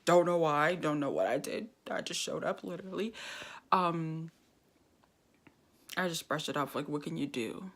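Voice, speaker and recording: A young woman vlogger telling a lively personal story, laughing often and acting out what people said. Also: low-pitched, normal speed, long pauses. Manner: animated storytelling, laughs often, acts out quoted dialogue. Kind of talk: casual storytime vlog.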